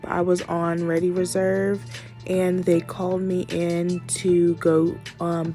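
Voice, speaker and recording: A young woman, a flight attendant, chatting casually in an animated, slangy vlog while walking through a hotel room with a handheld phone. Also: fairly low pitch. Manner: animated storytelling, slangy, says "y'all".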